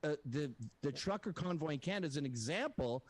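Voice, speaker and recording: A man's voice: a little high, animated, a little fast, dry recording. A man hosting a heated debate, mocking and combative, swearing often. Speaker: show host in a debate. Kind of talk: heated debate on a video call.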